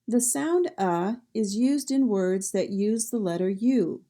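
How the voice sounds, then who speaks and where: A woman teaching pronunciation, drilling sounds and words slowly and repeating each one. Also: mid-range voice, animated, mellow.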